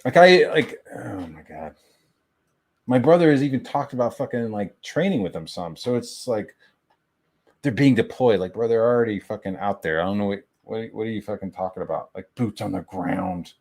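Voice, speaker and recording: A man's voice: on the low side, expressive, normal speed, darkish tone. A young man on a stream, ranting in a rambling way and swearing heavily. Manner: crude, rambling, heavy swearing. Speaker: stream guest. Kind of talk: profane ranting stream talk.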